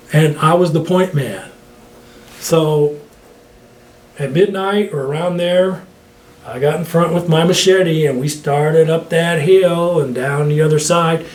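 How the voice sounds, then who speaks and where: A man's voice: high-pitched, a little mellow. An older man, a veteran interviewee, rambling through stories in an oral history interview and laughing often. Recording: echoey room with faint ambience.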